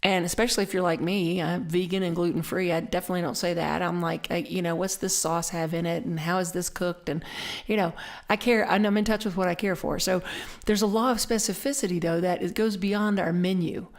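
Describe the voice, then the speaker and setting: A middle-aged Southern woman minister delivers a relaxed online sermon in a lower voice. She talks reflectively, repeating key phrases and slowing down so they sink in.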